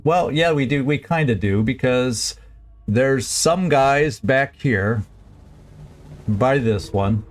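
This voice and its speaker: A man streaming a strategy game, planning his moves aloud in a halting, casual way with frequent restarts. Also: mid-range voice, lively intonation. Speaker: gameplay streamer. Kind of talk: casual let's-play commentary.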